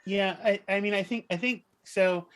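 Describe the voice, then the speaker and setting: A man's voice: high-pitched, fairly even intonation, normal speed, a bit bright. A man at a tabletop game talks through what his character is doing. He rambles and hesitates, circling back with lots of ums and kind-ofs. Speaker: player.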